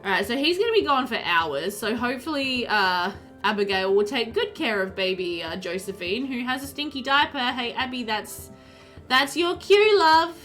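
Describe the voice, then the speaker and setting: A woman's voice: on the high side, animated, normal speed, a bit bright, soft background music. A woman streamer chatting casually and animatedly with viewers while playing a game, often laughing.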